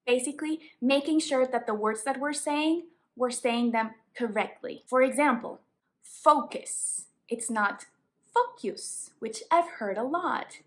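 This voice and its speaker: A woman from Colombia with a Colombian Spanish accent, a native Spanish speaker, explaining English tips as a teacher in a clear, explanatory way. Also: sits high, a little slow, a bit bright. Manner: clear, explanatory, emphatic on examples. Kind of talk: tips lesson to camera.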